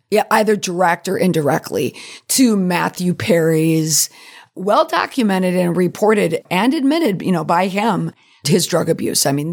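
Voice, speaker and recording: A middle-aged woman hosting a podcast, telling stories in a chatty, digressive way, her voice slightly creaky. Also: fairly low pitch. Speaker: podcast host and PR professional. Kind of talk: casual monologue.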